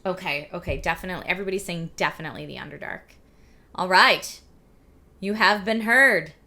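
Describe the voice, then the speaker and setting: A woman in her forties with a slightly husky, scratchy voice and a lingering cough, hosting a casual live stream and reading viewer chat aloud. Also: lowish voice, brisk, sharp tone. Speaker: streamer host.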